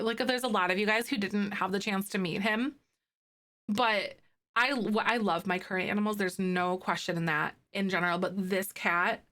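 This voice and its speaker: A young woman, chatting casually on a live stream and reading viewer comments, gushing and cooing over pet photos. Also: medium pitch. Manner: gushing, excitable, coos over pets.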